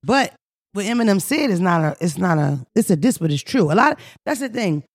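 A woman with a Philadelphia accent runs a casual comedy podcast, swearing freely and telling stories with big energy. Her voice has a gravelly, fry-laced texture. The sound is close and dry, with no room around it. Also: mid-range voice, fairly quick, no echo. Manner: brash, profane, animated storytelling. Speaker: podcast host.

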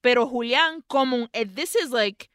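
A woman co-hosts a casual podcast, telling a film's story with animated energy and dropping in Spanish phrases. Her voice is bright and smooth, and the recording is close and dry. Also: a little high, normal speed, dry recording. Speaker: podcast co-host. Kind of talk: casual chat retelling a film plot.

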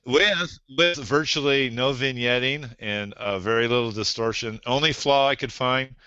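A man who is a podcast guest, talking gear in a casual chat and often pausing with "uh". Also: medium pitch, sharp tone, clean tone, no room sound, highs cut off. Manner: gear-focused, hesitant, many uhs.

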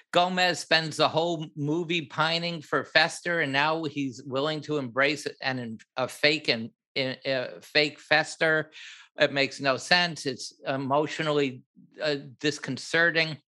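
Older male director, guest storyteller, bright and forceful delivery, acts out the dialogue. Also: a little high, unhurried. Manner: animated, acts out other people's lines, laughs at his own story. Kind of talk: anecdotal storytelling in an interview.

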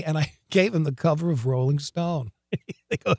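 A man guest in an interview, telling wild stories in an animated, excitable way, laughing often and acting out what people said. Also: on the high side, normal speed, dry recording, clean studio sound. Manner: animated, excitable storyteller who laughs often and acts out quotes. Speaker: guest, rock singer. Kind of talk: storytelling interview.

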